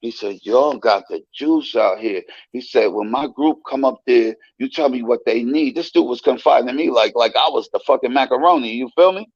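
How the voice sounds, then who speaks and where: A man guest telling stories in a casual interview, animated and profane, acting out the voices he quotes. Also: medium pitch, moderate pace, hardly any pauses, breathy edge, no echo, muffled recording. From United States.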